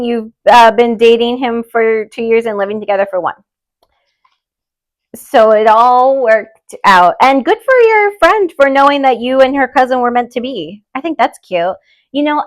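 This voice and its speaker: Bright-voiced young woman podcast host. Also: fairly high pitch, measured pace. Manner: expressive, chatty, openly emotional. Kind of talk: reading listener stories and casual chat.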